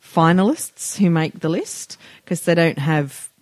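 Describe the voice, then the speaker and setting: A woman's voice: fairly low pitch, animated, measured pace, a little mellow, no room sound, clean studio sound. A woman co-hosting a podcast, chatting casually about books and laughing often. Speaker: podcast co-host. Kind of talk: casual book review chat.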